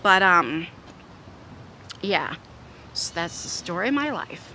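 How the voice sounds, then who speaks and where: A woman's voice: on the low side, big pitch swings, takes it slowly, noisy background. A middle-aged woman vlogger telling a story in a casual, blunt way, with some swearing.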